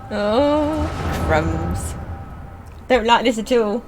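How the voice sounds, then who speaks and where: A woman streaming a video game, reacting excitably, repeating her worries, and sometimes talking softly and hushed on a desk microphone at home. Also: a little high, drawn-out words, music in the background. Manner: soft, hushed talk late at night. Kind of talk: reactive gameplay commentary.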